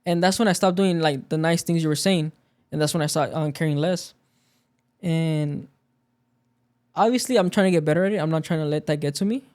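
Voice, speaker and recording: High-voiced man telling a work story. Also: brisk, a little mellow, clean tone. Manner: storytelling, acts out quoted dialogue. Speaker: podcast guest. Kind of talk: casual chat.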